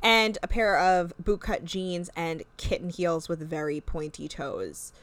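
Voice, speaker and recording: A woman in casual chat, recapping a reality show with animated retellings and free swearing. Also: fairly low pitch, measured pace, no echo. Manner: animated, swears freely, acts out quoted lines. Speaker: podcast co-host.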